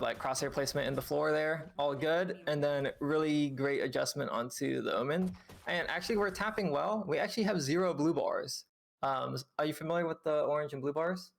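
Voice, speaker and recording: Gravelly male game coach explaining. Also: medium pitch. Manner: patient, explanatory, many fillers. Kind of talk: reviewing gameplay with a student on stream.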